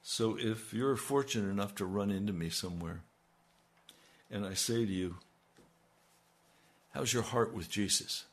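Slow, earnest male pastor. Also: on the low side. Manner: earnest, pleading prayer that rises in intensity. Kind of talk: radio sermon and prayer.

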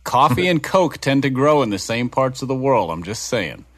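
A man co-hosting a casual podcast, making dry, wry remarks with a deadpan tone. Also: mid-range voice, normal speed. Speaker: podcast co-host. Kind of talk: casual chat.

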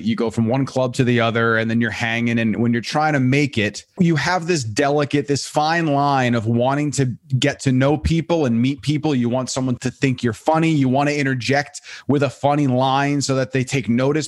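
A man hosting a casual podcast chat, animated and quick to act out his own past lines. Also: mid-range voice, no room sound, studio quality. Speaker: podcast host, comedian.

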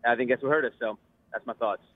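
Male radio caller, earnest, a bit halting, phone-line sound. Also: mid-range voice, steady tone. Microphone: telephone.

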